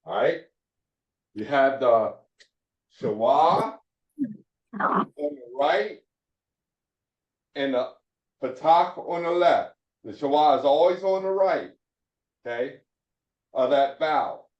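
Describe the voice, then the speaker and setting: A man teaching a slow Hebrew phonics lesson, sounding out syllables one at a time with many fillers. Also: on the high side, lively intonation. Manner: drawn-out, halting delivery with frequent fillers. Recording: echoey, dull room sound from a distance.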